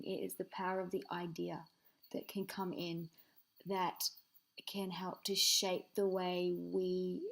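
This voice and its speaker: A woman's voice: on the low side, vocal fry, low-quality recording. A woman answering a viewer's question about spiritual growth in a rambling, earnest way, with many fillers. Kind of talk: casual unscripted talk to camera.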